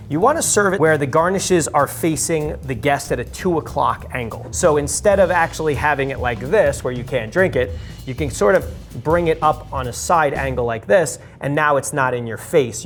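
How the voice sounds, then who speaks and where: A man working as a bartender, explaining a cocktail step by step in an upbeat way. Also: fairly high pitch. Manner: upbeat, explanatory, walks through each step. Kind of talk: cocktail demonstration.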